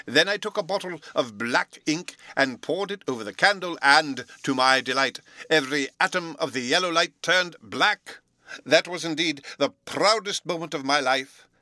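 A man's voice: a little high, sharp tone, no echo, studio quality, voice pushed up. A man doing a pompous old storybook professor. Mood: pompous lecturing. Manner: slow, pompous lecturing delivery. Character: fussy absent-minded old male professor lecturing. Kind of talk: storybook reading.

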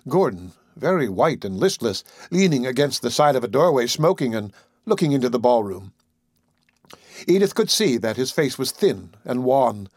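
A man reads a story aloud in an expressive, scripted style. His voice sits mid-range but moves freely up and down. The recording is close and dry. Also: mid-range voice, breathy edge, no room sound. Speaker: narrator. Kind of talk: scripted narration.

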